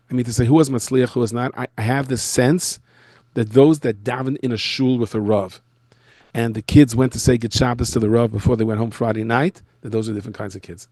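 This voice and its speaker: A man, a rabbi, giving a storytelling lecture from his office in a school, telling stories in an animated way. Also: fairly low pitch, fairly quick, vocal fry, no room sound. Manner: animated storyteller who acts out the people he quotes.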